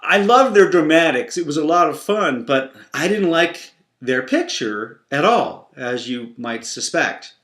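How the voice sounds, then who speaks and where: Man telling a faith story, slow and lively, pretty echoey room. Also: fairly high pitch. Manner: warm, playful, expressive storyteller. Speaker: Christian teacher. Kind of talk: devotional storytelling. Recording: roomy echo.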